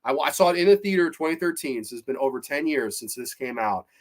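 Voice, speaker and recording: A man's voice: medium pitch, animated, fast talker. A man hosting a live horror show, reading chat and ranting bluntly with profanity. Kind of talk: casual live-stream chat.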